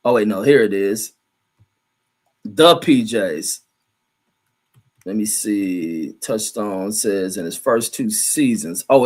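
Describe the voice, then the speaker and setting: A middle-aged man chatting casually on a livestream from home. He rambles in a loose, profane way, reading viewer comments aloud and riffing on them. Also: medium pitch. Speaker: livestream host reading chat.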